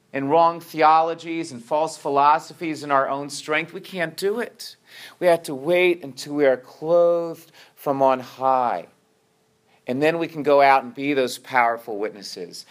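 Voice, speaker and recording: A man's voice: on the high side, fairly bright tone. A man preaching a sermon to his congregation, often restarting his words and checking in with "right?".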